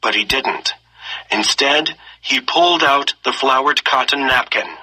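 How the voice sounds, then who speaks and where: A man reads a story aloud, expressive and steady, stopping now and then to ask lesson questions. His voice is very bright and sharp-edged, with a husky, breathy grain. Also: medium pitch, unhurried, low-quality recording. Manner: expressive reading, slipping into character voices. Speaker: story reader.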